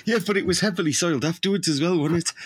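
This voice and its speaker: Husky man, high voice. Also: racing. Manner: boisterous, laughing, rambling. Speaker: comedy podcast co-host. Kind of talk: crude comic banter.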